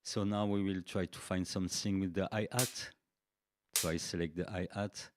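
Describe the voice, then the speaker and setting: A man explaining music software features in a live-streamed tutorial, unhurried and checking in with "okay" as he goes. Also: sits low, fairly even intonation, heavy background noise. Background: faint drum machine beats.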